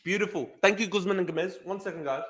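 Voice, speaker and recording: A man's voice: high voice, quick pace, fairly bright tone, slightly rough. A man hosting a live stream, joking crudely and chatting between bites. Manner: crude, joking, talks while eating. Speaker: livestream host. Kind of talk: casual live stream chat.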